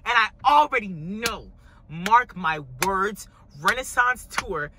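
A hoarse man in an over-the-top reaction vlog, his voice pitched high and swinging wildly up and down. The tone is piercingly bright and edgy, and he gushes dramatically from one line to the next. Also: animated, slow pace, slight background noise. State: hoarse from screaming. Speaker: music reviewer.

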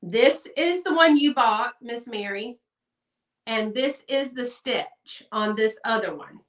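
Chatting through a live-stream sale, a middle-aged woman calls out to viewers by name in an expressive, slow-paced voice on the high side. The mic is distant, leaving her off-mic in an echoey room.

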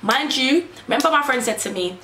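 A woman's voice: sits high, fairly quick. Young woman chatting to camera, says like a lot, sounds kinda far from the mic in an echoey room. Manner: chatty, animated, repeats "like" and "literally". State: pregnant. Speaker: vlogger. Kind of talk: casual storytelling. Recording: roomy, distant mic, faint hiss.

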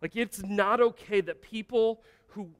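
A man's voice: high-pitched, measured pace, smooth. A man preaching a sermon as pastor, earnest and emphatic, asking the congregation rhetorical questions. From United States. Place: church sanctuary. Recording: long church-hall reverb.

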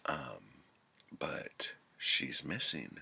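Very deep, gravelly man chatting about books. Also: sing-song, drawn-out words, bright, forceful tone. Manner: loose and chatty, full of "like" and "um", swears freely. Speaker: book reviewer. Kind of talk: casual book review.

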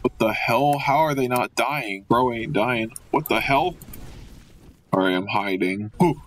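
A young man giving goofy, excitable commentary while playing a video game, joking and trash-talking the enemies. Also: mid-range voice, a little slow. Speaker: gamer. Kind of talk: let's play commentary.

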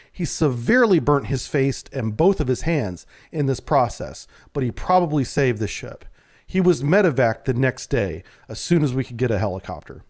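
Calm higher-voiced man telling a sea story. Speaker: submarine veteran storyteller. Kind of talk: first-person narration of a true story.

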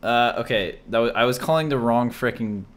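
A man who makes gaming videos, talking casually with a friend on a voice call and blurting out short, excitable reactions. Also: mid-range voice, brisk. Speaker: gaming YouTuber and streamer.

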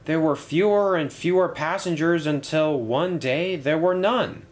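A man's voice: fairly high pitch, unhurried, voice pushed up, lightly acted. A man voicing a sad old tram engine in a storybook tale, speaking gloomily.

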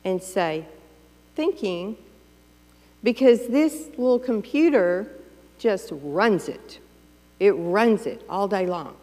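Slow-speaking woman preacher in a hall. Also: mid-range voice, expressive, dark tone. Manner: conversational, playful, acts out inner voices. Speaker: pastor. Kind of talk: sermon. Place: church sanctuary.

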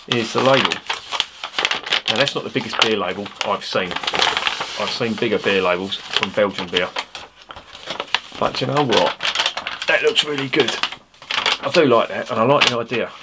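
There's background noise as a man with a fairly low voice rambles through a beer review. He's blunt, talkative and self-deprecating, swears freely, and records on his original microphone, not a clip-on.

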